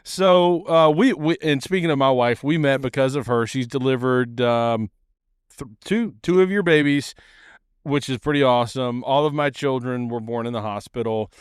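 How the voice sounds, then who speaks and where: Smooth-voiced laid-back man, podcast host. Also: mid-range voice, moderate pace, dry recording, studio quality. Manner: easygoing, laid-back, short agreeable replies. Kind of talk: casual chat.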